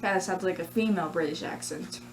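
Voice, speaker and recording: A woman's voice: on the low side, fast talker, background noise. A woman hosting a casual vlog at home, talking hesitantly with lots of giggles and fillers. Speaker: channel host. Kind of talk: casual vlog about doing character voices.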